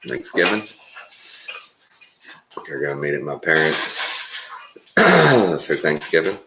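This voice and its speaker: A man's voice: rumbling low, very animated, slow pace, background noise. An older man from Texas with a Texan drawl, rambling folksy and chuckling through a casual morning vlog. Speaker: vlogger.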